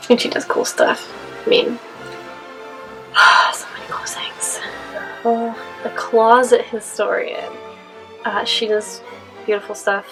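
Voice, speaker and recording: A woman's voice: on the high side, level tone, takes it slowly, pauses often, pushed and bright, soft background music, rough recording. A young woman from California answering Q&A questions in a casual vlog, rambling with lots of fillers and laughs. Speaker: costume vlogger.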